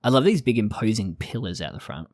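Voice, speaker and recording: A woman's voice: rumbling low, very animated, fast, darkish tone, no room sound. A woman, co-hosting a podcast, talking casually and wryly about an anime and laughing at her own jokes. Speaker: podcast co-host.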